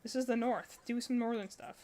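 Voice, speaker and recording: A woman's voice: fairly high pitch, steady tone, fairly quick, darkish tone, a little hiss or hum. A young woman streaming from home, chatting casually and rambling with lots of fillers and laughs. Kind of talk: casual chat while crocheting. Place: home with barking dogs.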